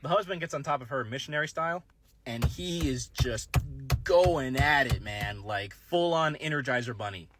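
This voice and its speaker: A man in his thirties casually telling a personal story to camera in a laid-back drawl, slowing down for emphasis. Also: mid-range voice, over music. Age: 30s. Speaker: storyteller in a social media clip.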